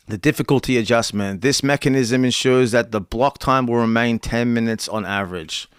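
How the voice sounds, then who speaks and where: A man's voice: medium pitch, clear, resonant tone, no echo, studio quality. A young man, reading cards aloud on a casual stream, stumbling and restarting lines between offhand chat. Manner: reads cards aloud haltingly, restarts and chats. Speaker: content creator.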